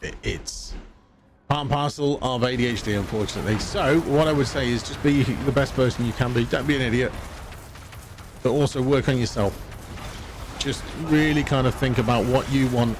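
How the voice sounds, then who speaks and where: A man's voice: mid-range voice, normal speed, noisy background. A man streaming a video game live, chatting casually in a rambling way and laughing at himself. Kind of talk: casual live-stream chat while gaming.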